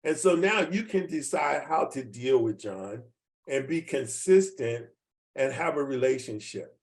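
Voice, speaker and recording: With lively intonation and a slightly slow delivery, this mid-range male voice belongs to a man in his seventies. He leads a video-call team training folksily, circling back to his points and asking the audience questions along the way.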